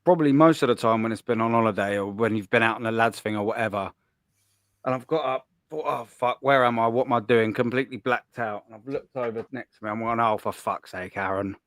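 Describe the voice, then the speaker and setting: Bloke banter, crude jokes, dry close mic. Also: male voice, mid-range voice, fairly quick, no room sound. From England. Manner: crude joking, slangy, ends lines with "do you know what I mean". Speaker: podcast co-host. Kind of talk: casual banter.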